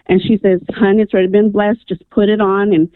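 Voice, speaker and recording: A woman's voice: medium pitch, flat delivery, fairly quick, no echo. A woman calling in to a radio show and earnestly telling a personal story, with lots of "um" and "I'm like.". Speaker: radio caller. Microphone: telephone. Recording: tinny phone line, dry.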